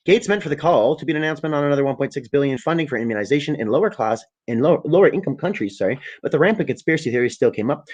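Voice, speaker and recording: A Canadian man hosting a casual live stream, reading articles aloud with sarcastic, profane asides and frequent stumbles. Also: medium pitch. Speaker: livestream host.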